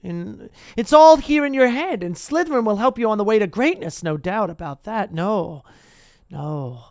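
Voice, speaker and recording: A reader voicing a talking magical hat that muses slowly while sizing up a boy, in a storybook reading. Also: medium pitch, expressive, darkish tone, dry recording, clean studio sound, close to an everyday voice. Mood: musing.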